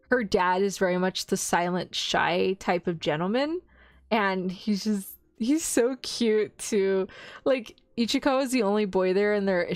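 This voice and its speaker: A woman's voice: mid-range voice, no echo. A young woman streamer chatting casually and rambling, often giggling. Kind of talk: casual chat.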